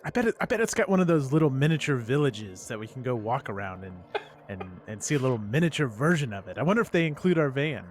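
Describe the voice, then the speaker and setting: A man's voice: medium pitch, very animated, quick pace, natural voice. A man voicing a chatty female television presenter in a tabletop role-play, with a breezy put-on British style.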